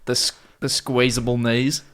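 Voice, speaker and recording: Man, podcast co-host, smooth resonant voice, easygoing ribbing. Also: mid-range voice, little pitch movement, moderate pace, fairly bright tone. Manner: laid-back, teasing. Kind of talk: casual chat.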